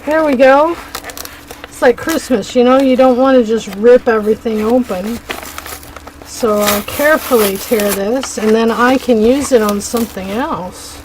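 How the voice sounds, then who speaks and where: A woman talks casually to her viewers as she unboxes crafting supplies at home. She gushes readily, and her voice sits slightly high. A faint room ambience hangs behind her. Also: background noise. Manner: chatty and effusive, quick to gush. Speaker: craft vlogger. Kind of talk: casual chat while unboxing mail.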